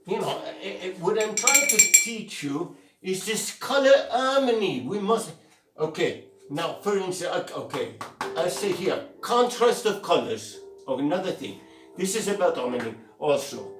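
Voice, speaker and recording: Older male art teacher, playful asides, higher voice, heard from a distance in an echoey room with faint music behind. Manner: playful, theatrical asides to viewers. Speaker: painting teacher. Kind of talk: casual painting lesson.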